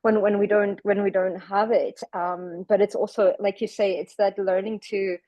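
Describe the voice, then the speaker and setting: Brief: woman from the UK, podcast guest, warm-up chatty and reflective, mid-pitched, recorded dry and close. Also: moderate pace, no room sound, rough recording. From United Kingdom. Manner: animated, reflective, repeats words. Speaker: podcast guest, spiritual practitioner. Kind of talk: casual podcast conversation.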